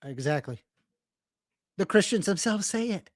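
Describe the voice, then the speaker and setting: Live stream co-host, casual, animated, profane, dry sound. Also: mid-range voice, unhurried, no room sound. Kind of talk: casual debate review chat.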